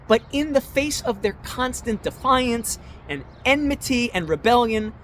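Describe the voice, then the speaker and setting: A man's voice: sits high, a little hiss or hum. A man narrating a history chapter in an earnest, emphatic way, citing his sources as he goes.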